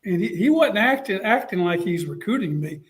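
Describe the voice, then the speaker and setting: A man's voice: high-pitched, moderate pace. A middle-aged man, a college football coach telling a story in a casual interview and acting out what others said. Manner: animated storyteller, acts out quotes.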